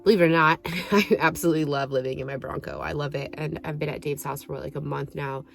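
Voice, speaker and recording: A woman talking to her viewers in a casual, heartfelt vlog, rambling softly and a little out of breath, recorded on a phone. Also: sits low, fairly even intonation, fast talker, vocal fry, faint music behind. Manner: soft, heartfelt, rambling with many "like"s. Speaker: vlogger.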